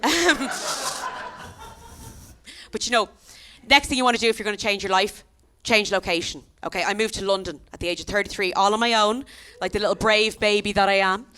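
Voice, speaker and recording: A woman's voice: mid-range voice, fairly quick, clean tone. Irish woman doing punchy stand-up. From Ireland. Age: 30s. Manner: chatty, animated, punchy asides to the crowd. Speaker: stand-up comedian. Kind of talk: stand-up comedy set. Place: comedy club stage with a live audience.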